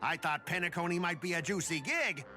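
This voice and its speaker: An actor playing a bitter, boastful corporate lackey who blusters and gloats. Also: male voice, high-pitched, big pitch swings, unhurried, music in the background, exaggerated voice. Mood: resentful. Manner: blustering, gloating, prone to yelling rants. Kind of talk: game voice acting.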